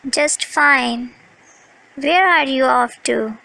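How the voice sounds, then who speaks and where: A woman's voice: high voice, steady tone, takes it slowly, vocal fry, a bit bright, exaggerated voice, rough recording. A woman voicing a friendly young woman in a dialogue.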